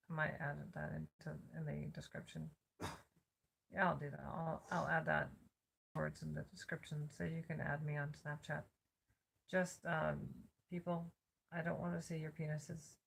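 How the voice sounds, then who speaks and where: A worn-out woman talks into her phone camera from her cot, rambling and halting through a casual check-in. Her voice is heavily gravelly and husky, a bit slurred from a long day of talking. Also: low voice. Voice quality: slightly slurred. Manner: rambling, halting, with many pauses and fillers. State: exhausted, voice worn out. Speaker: vlogger. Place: lying on a cot at home.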